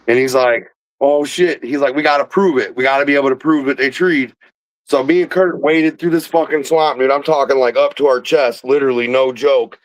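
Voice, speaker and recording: A man's voice: mid-range voice, fairly even intonation, fairly quick, dry recording, rough recording. Profane storytelling podcast host man. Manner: rambling, profane, laughs while telling stories. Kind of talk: casual storytelling chat.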